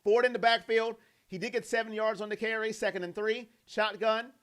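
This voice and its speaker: A young man calling football play-by-play as a fan, animated and jokey, breaking into reactions and playful impressions of players. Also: high voice, brisk. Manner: animated, jokey, mimics players in quoted voices. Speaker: fan commentator.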